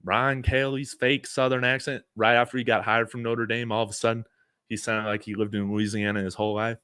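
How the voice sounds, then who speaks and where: A man's voice: mid-range voice, fairly quick, smooth, dry recording, clean studio sound. A man hosting a live sports stream, chatting casually, reading viewer messages and rambling with fillers. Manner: relaxed, rambling, frequent fillers and chuckles. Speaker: sports channel host.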